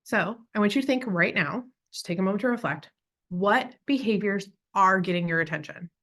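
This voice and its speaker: An upbeat young woman with an American accent gives a parenting class in a conversational, chatty way. Her voice sits at a middle pitch, and she talks to the viewer as if they were sitting across from her. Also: animated, fairly quick, a bit bright. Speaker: parent educator. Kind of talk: parenting workshop presentation.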